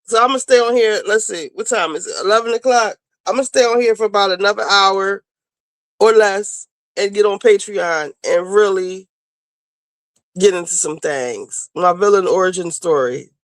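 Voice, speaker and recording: A woman hosting a casual livestream, chatting to viewers and getting loud and teary with excitement over new supporters. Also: medium pitch, normal speed, dry recording. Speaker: livestream host.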